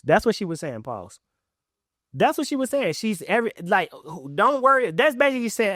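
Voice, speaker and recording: A man co-hosting a casual podcast whose pitch rises and falls animatedly as he argues. He swears casually and keeps pressing his point. The recording is dry and close. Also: fairly quick, dry recording. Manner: animated, profane, argumentative banter. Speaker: podcast co-host. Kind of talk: casual chat.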